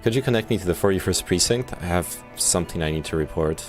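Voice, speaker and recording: A man's voice: deep voice, fast talker, soft background music. A man streaming a game, reading his dialogue choices aloud and chatting casually. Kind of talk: casual gameplay commentary.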